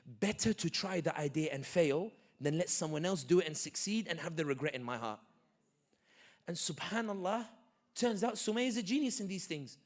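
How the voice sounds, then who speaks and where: Animated man with a high voice. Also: moderate pace. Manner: animated, joking, many asides. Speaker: guest speaker. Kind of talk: lively community talk with stories. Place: community center hall.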